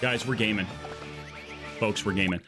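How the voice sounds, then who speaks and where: With music in the background, a man hosts a live gaming stream at normal speed in a fairly low voice. He chats casually into an earbud mic, joking and wandering off on tangents.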